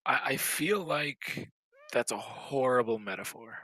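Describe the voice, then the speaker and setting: Male sidekick on a stream, bright, dry close sound, lively pitch, teasing one-liners. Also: a little slow, no room sound, poor audio. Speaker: friend joining the stream. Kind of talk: casual banter.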